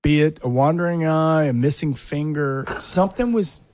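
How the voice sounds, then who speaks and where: A man's voice: fairly high pitch, normal speed, darkish tone, dry recording. A man hosting a podcast, rambling and wry in casual banter. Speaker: podcast host.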